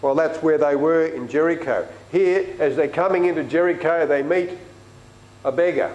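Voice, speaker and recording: Aussie guy preaching, fairly high voice, chatty, big echoey church. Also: normal speed, darkish tone, lo-fi sound. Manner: conversational storytelling preaching. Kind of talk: sermon.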